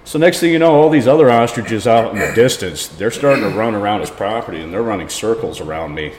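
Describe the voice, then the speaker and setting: Deep-voiced man telling a wild story. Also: fast talker, crowd noise. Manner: laughs often, animated, rambling. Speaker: podcast guest. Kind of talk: casual storytelling. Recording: reverberant room with faint noise.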